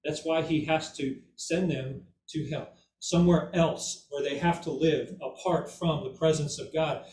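A man's voice: a little high, steady tone, unhurried, darkish tone, a little hiss or hum. A man giving an informal Bible teaching who keeps checking in with "okay?" and "right?" and repeats words for emphasis. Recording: echoey room, mic far off, faint ambience.

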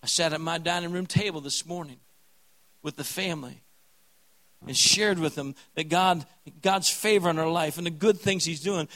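A man with a high, bright voice preaches a revival sermon. He is fervent and folksy, dropping to quiet asides and then rising to loud, exhorting calls. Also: low-quality recording. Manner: fervent preaching, swings from hushed to loud, folksy country phrases. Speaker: pastor.

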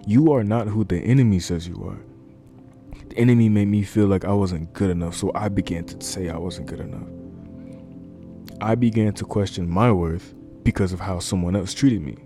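Deep-voiced man giving an earnest, casual sermon. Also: moderate pace, dark tone, soft background music. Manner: earnest, repetitive, conversational with fillers. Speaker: preacher. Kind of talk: informal sermon. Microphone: desk microphone.

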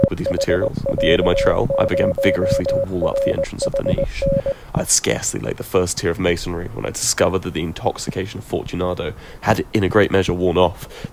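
Brief: low-voiced male reader, gravelly and lively, gothic story, noisy recording. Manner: measured, expressive, occasional stumbles. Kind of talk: dramatic reading of a classic horror tale.

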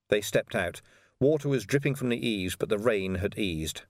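Expressive male audiobook narrator. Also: fairly low pitch, normal speed, no room sound, studio quality. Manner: expressive, animated storytelling. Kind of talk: scripted narration.

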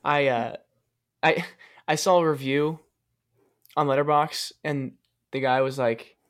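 A man co-hosting a casual podcast movie discussion, talking haltingly with many ums and restarts. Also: medium pitch, fairly bright tone. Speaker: podcast co-host.

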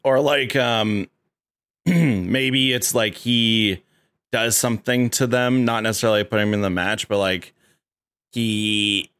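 A man's voice: fairly low pitch, takes it slowly, a bit bright, clean tone, dry recording, clean studio sound. A man hosting a casual podcast chat, rambling with lots of fillers and restarts and laughing often.

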